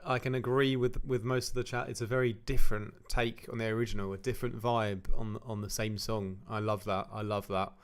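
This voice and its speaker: A man's voice: medium pitch, flat delivery, fairly quick, hardly any pauses, smooth. A man hosting a livestream, giving chatty, encouraging feedback on remixes with frequent restarts. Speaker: livestream host reviewing remixes. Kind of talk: casual livestream commentary.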